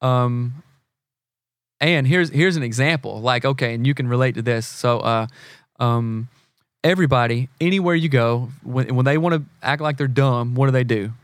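A man's voice: medium pitch, moderate pace, no echo. A man from the American South, talking casually as a podcast guest, earnest and full of examples, fillers and restarts. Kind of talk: casual conversation.

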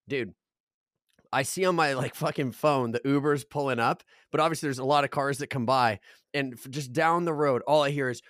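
Young male podcast co-host, lively storyteller, dry close sound, mid-pitched. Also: normal speed, no room sound. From Arizona, United States. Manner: animated, swears a lot, acts out voices in his stories. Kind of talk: casual storytelling chat.

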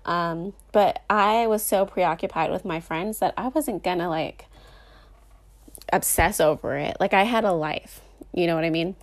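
A young adult woman casually telling a dramatic personal story, animated and full of fillers. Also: lowish voice, measured pace.

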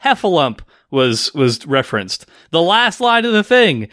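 A man's voice: sits high, lively intonation, normal speed, fairly bright tone, no echo, studio quality. A man hosting a podcast in casual, playful chat, teasing and swearing freely. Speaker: podcast host.

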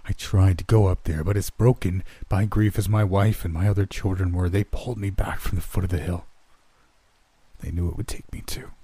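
A man voicing a grieving old farmer in a horror story reading, speaking in a hushed, quivering way. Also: deep voice, fairly even intonation, brisk, slightly rough. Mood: sorrowful. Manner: hushed, quivering with held-back grief. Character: grieving old male farmer, haunted and secretive.

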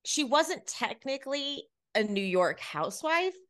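A woman co-hosting a casual gossip chat, chatty and quick to agree. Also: sits high, big pitch swings, fairly bright tone. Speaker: podcast co-host.

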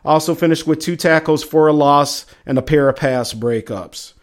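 Chatty middle-aged sports podcast host. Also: male voice, on the high side, normal speed. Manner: chatty, slangy, exclamatory. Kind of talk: casual sports talk show.

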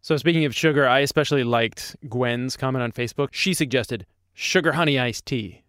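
A man co-hosts a casual podcast and leads into each segment in a calm, measured way. His voice is mid-pitched. It is recorded close, with a dry sound. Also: no room sound. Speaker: co-host.

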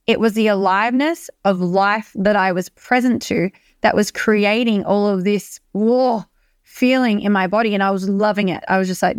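A woman's voice: medium pitch, fairly quick, no echo. Emphatic young Australian woman, dry sound. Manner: energetic, emphatic, swears freely. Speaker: podcast host. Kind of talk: solo podcast monologue. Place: beach hut.

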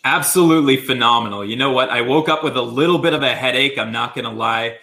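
A man co-hosting a hockey podcast, recapping a game in a loose, animated way with a voice strained from screaming. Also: medium pitch, quick pace. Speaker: podcast co-host. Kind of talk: casual sports podcast chat.

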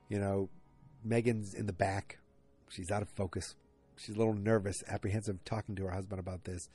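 Chatty low-voiced man recapping a show. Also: a little mellow. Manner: chatty, digressive, self-aware. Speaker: podcast host recapping a TV episode. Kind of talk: casual chat.

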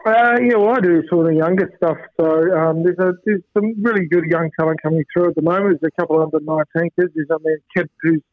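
A man from New Zealand, a former fast bowler and coach, chatting casually with lots of fillers over the phone. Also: on the high side, dry recording. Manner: relaxed, rambling with many fillers. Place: home in Queensland, by phone. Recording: tinny phone line.

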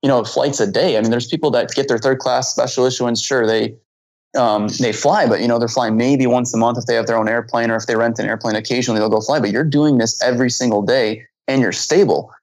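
Gravelly-voiced man telling a story. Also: medium pitch, quick pace, no echo, low-quality recording. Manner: animated, acts out dialogue in his story; frequent restarts and repeated words. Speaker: guest, flight instructor. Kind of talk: casual storytelling in conversation.

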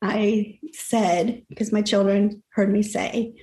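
A woman's voice: mid-range voice, level tone, slow pace, warm tone, echoey room. A middle-aged woman recounting a frightening personal experience in an interview, earnest and emotional, often quoting her own thoughts. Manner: earnest, emotional retelling with quoted inner thoughts. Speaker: guest telling her story.

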